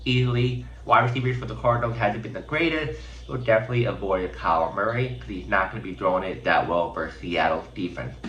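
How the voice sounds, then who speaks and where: A man's voice: fairly low pitch, fairly bright tone. Sick male host, stuffy and nasal, loose chatty delivery with uh and um, roomy, slightly dull recording. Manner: casual, halting, many fillers. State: sick and congested. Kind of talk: fantasy football picks rundown.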